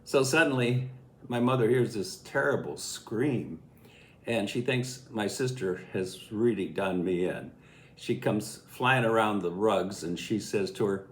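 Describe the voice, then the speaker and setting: A man in his eighties, from Illinois, spins a memory from his farm childhood with a folksy, chuckling delivery. His voice sits low. The recording sounds like an echoey room. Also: a little slow. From Illinois, USA. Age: 80s. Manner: folksy, chuckling, lively storytelling. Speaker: storyteller recalling childhood. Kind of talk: casual spoken memoir.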